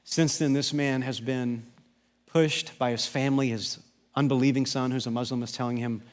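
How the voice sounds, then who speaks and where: A middle-aged American man, a pastor, delivering a sermon as an animated storyteller who builds to emphatic preaching. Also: medium pitch, normal speed, long reverb tail. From United States.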